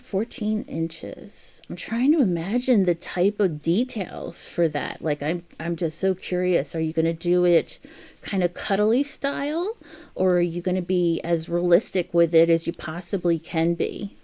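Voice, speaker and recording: A woman's voice: lowish voice, unhurried, mellow. Chatty woman hosting a crochet livestream. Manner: chatty and easily amused, muses aloud. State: has the hiccups. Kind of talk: casual chat while crocheting, reading viewer comments.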